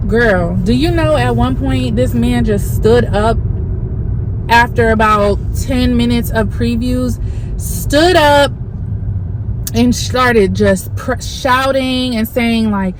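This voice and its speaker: A woman's voice: on the high side, animated, takes it slowly, background noise. A woman in her thirties telling a story to her viewers in a casual vlog, talking animatedly from inside a car. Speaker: vlogger.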